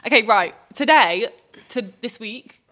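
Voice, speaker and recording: A woman's voice: on the high side, animated, measured pace, pushed and bright. A young woman from South Africa co-hosting a podcast in casual, rambling chat with frequent laughs. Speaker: podcast co-host. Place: studio.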